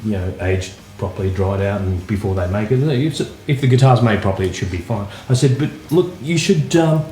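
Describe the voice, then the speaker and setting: A man, a guitarist telling anecdotes in a relaxed, casual way with plenty of fillers. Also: lowish voice, fairly quick. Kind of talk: casual interview storytelling. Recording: roomy echo, faint music.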